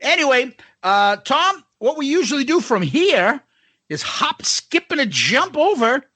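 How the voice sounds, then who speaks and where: Male podcast co-host, raunchy jokey banter, bright lively voice. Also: very high-pitched, a little slow, no room sound. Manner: profane, jokey, animated. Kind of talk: crude casual podcast banter.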